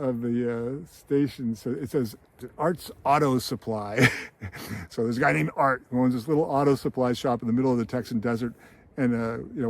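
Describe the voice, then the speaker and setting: Enthusiastic male host, mid-pitched, casual storyteller who laughs easily. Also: a little mellow. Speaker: screenwriting show host. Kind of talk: casual film analysis.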